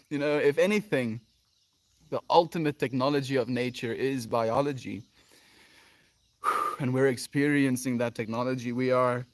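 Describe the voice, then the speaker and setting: A man's voice: mid-range voice, a little slow, pauses often, no room sound. A man hosting a daily livestream in an emotional, effusive chat, often sighing and laughing as he thanks viewers. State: emotional, near tears. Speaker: livestream host.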